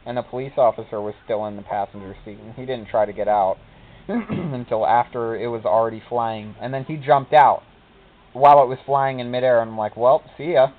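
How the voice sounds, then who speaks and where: A man's voice: medium pitch, a little fast. Guy rambling through funny game stories, does goofy quote voices, sounds like a cheap phone line. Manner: rambling storytelling, quoting characters in silly voices. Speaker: gameplay commentator. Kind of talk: casual gameplay commentary. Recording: tinny phone-like recording.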